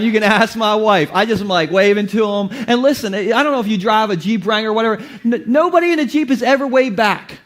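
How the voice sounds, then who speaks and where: Jokey high-voiced male pastor. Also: a bit bright. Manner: playful, joking, laughs often. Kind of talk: humorous sermon. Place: church basement before a congregation.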